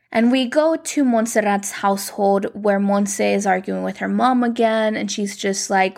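A young woman casually recapping a telenovela plot, talking quickly and quoting the characters in her own voice. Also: mid-range voice, vocal fry. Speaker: show recap host.

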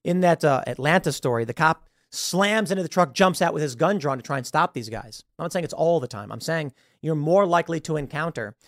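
Guy ranting on his commentary show, kinda high voice, super dry close sound, gets scornful. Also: a little fast, few pauses, no echo. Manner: animated, acts out quoted voices, scornful. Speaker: show host. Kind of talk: political commentary.

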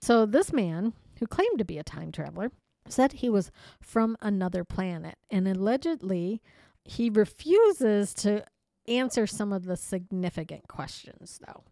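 A woman's voice: mid-range voice, lively intonation, measured pace, vocal fry, warm tone, no echo. Chatty woman podcaster, dry close sound. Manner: chatty, playful, laughs often; reads story aloud, then riffs on it. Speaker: podcast host. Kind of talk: casual chat.

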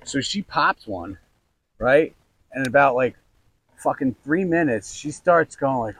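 A young man telling a story in casual chat while fishing outdoors, animated and swearing freely. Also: medium pitch, measured pace, long pauses, rough recording. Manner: animated, swearing, mimics others in quotes. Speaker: podcast co-host.

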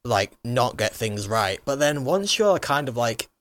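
A man's voice: mid-range voice, big pitch swings, a little slow, a bit bright. A young man co-hosting a casual podcast chat, rambling with lots of "like" and restarts. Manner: rambling, heavy use of "like". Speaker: podcast co-host.

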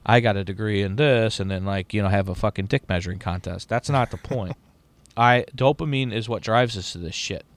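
A man's voice: lowish voice, brisk. A middle-aged man in casual chat as a podcast host, rambling and profane with lots of restarts.

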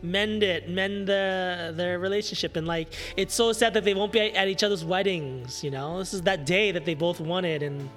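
A man's voice: high voice, steady tone, normal speed, few pauses, fairly bright tone, soft background music. A man hosting a podcast, giving casual, sarcastic running commentary on a film and laughing often. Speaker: podcast host. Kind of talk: casual watch-along movie commentary.

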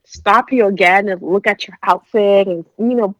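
A woman's voice: mid-range voice, normal speed, a bit bright, no room sound, lo-fi sound. A woman co-hosting a podcast, reacting with gushing, laughing enthusiasm in casual chat. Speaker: podcast co-host.

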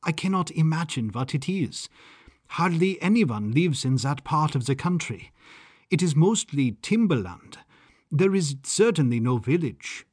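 A man voicing Rudolph, a cultured European baron who speaks in formal, measured sentences, over faint music. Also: on the high side, very animated, darkish tone, breathy edge, dry recording, clean studio sound, full character voice. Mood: uneasy.

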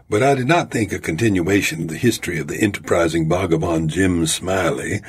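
A man reading a classic story aloud, with a dry, measured narrating manner. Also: low voice, a little hiss or hum.

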